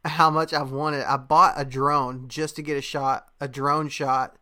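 A man's voice: on the high side, flat delivery, a little slow, pushed and bright. A young man in casual chat, a podcast host telling a story in a laid-back way, with lots of fillers and laughter.

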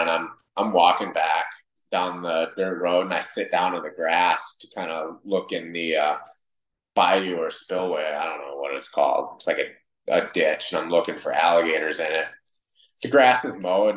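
A low-voiced man from Wisconsin, appearing as a podcast guest, tells casual stories at a normal speed. He gets animated and acts out the quoted dialogue, and the recording has a roomy echo.

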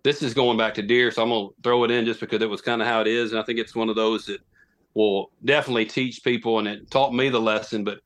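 A man's voice: medium pitch, fairly bright tone. Rambling man telling a story. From Tennessee. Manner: rambling, self-deprecating, many restarts. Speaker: podcast guest, hunter. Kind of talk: casual storytelling.

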